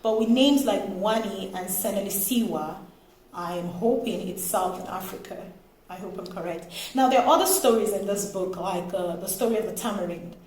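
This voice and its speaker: Expressive woman reviewing a book. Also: medium pitch, moderate pace. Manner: animated, expressive, laughs often. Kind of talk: casual book review vlog. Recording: echoey room, faint noise.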